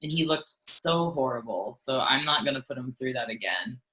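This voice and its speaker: A woman musician chatting as an interview guest, telling stories in an animated way with frequent "like"s and restarts. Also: very deep voice, normal speed, poor audio. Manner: animated storytelling, lots of "like" and restarts. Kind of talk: casual interview chat.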